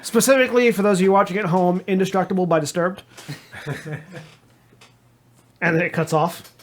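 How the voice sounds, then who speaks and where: A man running a tabletop game as game master, narrating haltingly with many restarts. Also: high-pitched, fairly even intonation.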